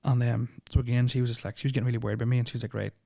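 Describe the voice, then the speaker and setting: A man's voice: medium pitch, little pitch movement, racing, vocal fry, dark tone, dry recording. A young man, telling a personal story on a podcast in a rambling, nervous way, full of fillers and swearing. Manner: nervous, uneasy retelling. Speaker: podcast host. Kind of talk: casual storytelling of personal experiences.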